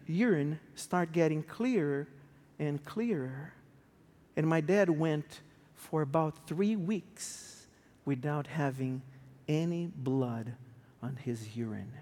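High-voiced man preaching in a reverberant hall. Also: slow pace. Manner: emotional, swings from hushed to raised. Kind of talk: sermon storytelling.

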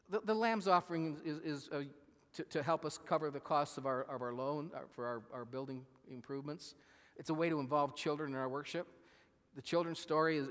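A man preaches in a relaxed, talky way, turning to his listeners with questions as he goes. His voice sits a little higher than most men's. Everything rings with the long reverb of a big church hall. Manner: conversational, asks the congregation questions. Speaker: pastor. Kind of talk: sermon. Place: church sanctuary.

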